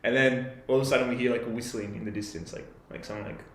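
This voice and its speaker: A young man with an Australian accent tells a story in a loose, rambling way, leaning on "like" and "you know". His voice sits at an ordinary middle pitch. The recording has a noticeable roomy echo. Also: steady tone, fast talker, a bit bright. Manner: rambling, laid-back, heavy on fillers like "like". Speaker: podcast co-host. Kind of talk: casual storytelling.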